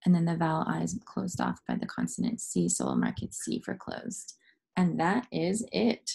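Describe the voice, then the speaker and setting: Young female teacher, low husky voice with some fry, patient step-by-step phonics lesson for kids. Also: huge pitch swings, normal speed, mellow.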